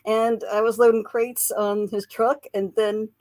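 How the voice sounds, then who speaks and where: A woman's voice: on the high side, little pitch movement, a little slow, a little mellow, no room sound. A woman, a guest on a radio interview, earnestly recounting memories in a storytelling manner and laughing through the lighter parts. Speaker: guest, psychic portrait artist.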